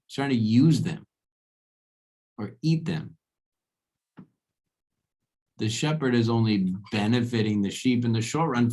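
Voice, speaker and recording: A furious, scornful ancient Greek man played by a lecturer yells at the people around him, rough-edged and gravelly even when he raises his pitch. He fires off mocking rhetorical questions with husky contempt. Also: full character voice.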